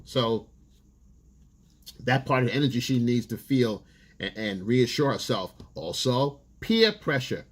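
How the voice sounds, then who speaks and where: A man's voice: medium pitch, measured pace, pauses often. A man, a dating coach, giving blunt, profane, casual advice in a loose street style.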